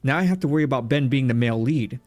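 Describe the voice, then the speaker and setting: A man's voice: medium pitch, rapid-fire, a little mellow, no echo, faint music behind, lightly acted. A man reading aloud the lines of a wary, sardonic young villainess from a visual novel. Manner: plainly read game dialogue.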